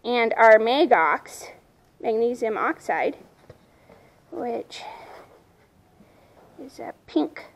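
A woman's voice: a little high, very animated, drawn-out words, pauses often, slight background noise, low-quality recording. A woman casually talking to camera outdoors at her farm, chatting about her horse and now and then speaking to her animals. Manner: chatty, talks to her animals between remarks. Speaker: horse owner vlogger. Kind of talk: casual outdoor vlog talk.

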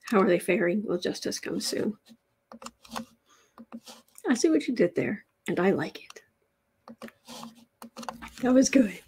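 A woman giving a casual livestreamed tarot reading, drawing her words out and dropping into soft, near-whispered asides. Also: medium pitch, animated, a little slow, long pauses, a little hiss or hum. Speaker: tarot reader.

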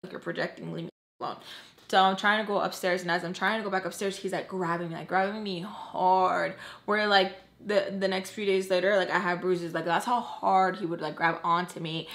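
A woman's voice: lowish voice, steady tone, fairly quick, few pauses, fairly bright tone. A woman in her twenties telling a personal story to camera in a casual vlog, filling her talk with "like" and acting out what people said. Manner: chatty, heavy use of "like", acts out quotes. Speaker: storyteller vlogger.

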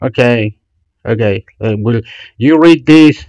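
A man's voice: mid-range voice, slow, a little mellow, dry recording, rough recording. A man from Chile, a channel host who rambles through websites in a profane, rambling commentary full of restarts and swearing. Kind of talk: ranting commentary while browsing websites.

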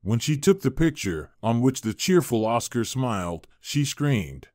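A man narrating a dramatic story in a scripted, expressive reading. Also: mid-range voice, moderate pace, few pauses, no echo, clean studio sound.

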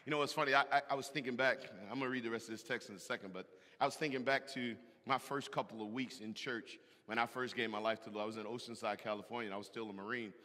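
Pastor, male, sermon delivery: sharp, forceful tone, with the long reverb of a large church hall. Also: medium pitch, quick pace. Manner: animated, preaching with loud emphatic bursts and call-and-response. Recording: echoey hall from a distance.

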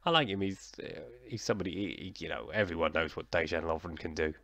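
Male gaming commentator: low gravelly voice, dry close mic, chatty and self-mocking. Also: fast, a bit bright, dry recording. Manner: chatty, self-deprecating, mock commentator, talking to himself. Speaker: gaming YouTuber. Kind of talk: casual let's-play commentary.

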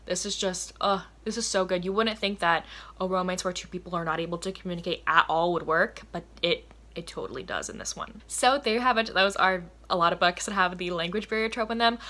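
In a laid-back book vlog, a woman reviewer sounds pushed and bright in her mid-range voice. She keeps the conversation lively with plenty of "like" fillers and frequent laughs.

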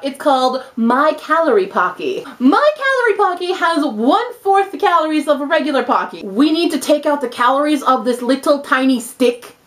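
Hyper, bouncy young woman vlogger. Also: high voice. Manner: hyper, giggly and excitable. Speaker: vlogger and English teacher in Japan. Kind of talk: casual vlog. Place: indoors at home.

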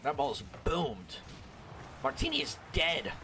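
A young man giving solo play-by-play commentary on a video game match, excitable and jokey, with a worn-out voice. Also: fairly high pitch, slow pace, slight background noise. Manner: excitable, jokey, frequent exclamations. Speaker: esports caster.

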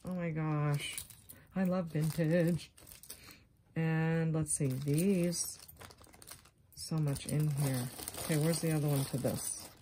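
In a low voice, speaking slowly and pausing often, a woman vlogger with a scratchy tone chats casually while displaying her thrifted jewelry. Her show-and-tell is full of gushing, excited exclamations, occasionally sinking to a near-whisper.

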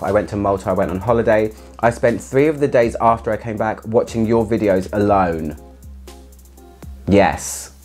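A man chatting casually through a product review, excitable and laughing often as he talks. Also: lowish voice. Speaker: fragrance reviewer.

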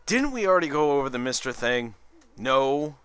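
A man's voice: mid-range voice, big pitch swings, normal speed, a bit bright, smooth, no echo. A tired man doing rambling, sarcastic commentary over a video game. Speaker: let's play commentator.

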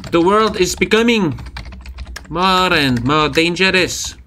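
A man's voice: high-pitched, expressive, slow pace, pushed and bright, a little hiss or hum. A man streaming a strategy game, joking crudely and swearing often. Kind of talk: live game stream commentary.

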